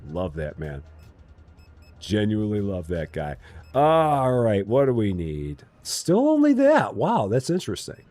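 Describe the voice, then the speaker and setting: Low-voiced guy streaming a game, teasing chat, voice bouncing all over, bit of music in the back. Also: sing-song, a little slow, a little mellow, no echo. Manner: joking, teasing, sing-song asides. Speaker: gaming streamer. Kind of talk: live game commentary, chatting with viewers. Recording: faint music behind.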